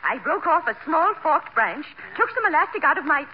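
An actress playing a refined, slightly dotty society matron in a 1940s radio comedy, affected and gracious. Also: female voice, sits high, big pitch swings, moderate pace. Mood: prim. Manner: refined, affected speech, says "my dear" often. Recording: old lo-fi radio broadcast with hiss.

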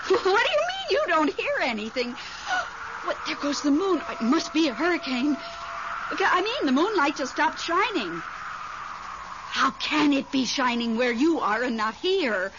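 An actress playing a fussy, jumpy widow in a radio drama, fluttery and exclamatory. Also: female voice, high-pitched, big pitch swings, unhurried. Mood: chatty. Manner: fluttery, exclamatory, stammering when startled. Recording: dull lo-fi radio recording with faint hiss.

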